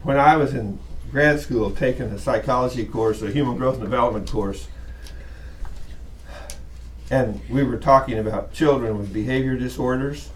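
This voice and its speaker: A man's voice: medium pitch, normal speed, distant mic, a little hiss or hum. A man lecturing a college class in a chatty way, often acting out little voices as he teaches, recorded in a classroom.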